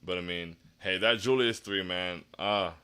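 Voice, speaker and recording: A man's voice: sits low, measured pace, sharp tone, clear, resonant tone. A man hosting a postgame livestream, reading chat comments, sounding dejected and down, often restarting his sentences. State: down after a loss. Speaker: stream host.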